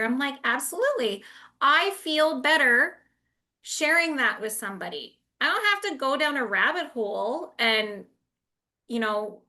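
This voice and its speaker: A middle-aged woman speaking as a guest in a casual interview, animated and emphatic, with quick bursts. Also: high-pitched.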